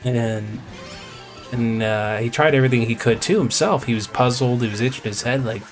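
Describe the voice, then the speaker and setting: A man's voice: medium pitch, normal speed, over music. A man live-streaming a game, telling a long rambling story in casual chat. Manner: rambling, retells conversations at length. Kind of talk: casual storytelling while gaming.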